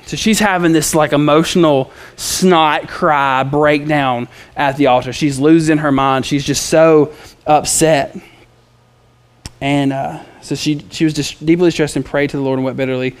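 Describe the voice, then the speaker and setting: A man's voice: on the high side, fairly even intonation, normal speed, clear, resonant tone. A man preaching a sermon in a casual, conversational way. He reads scripture aloud and mixes in playful asides and fillers. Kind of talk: expository sermon.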